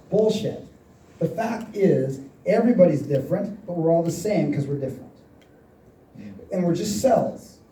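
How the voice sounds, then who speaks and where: Dark-voiced man speaking on a seminar stage. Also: high-pitched, a little hiss or hum. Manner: storytelling, acts out quoted dialogue. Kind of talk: motivational seminar talk. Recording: echoey hall, mic at a distance.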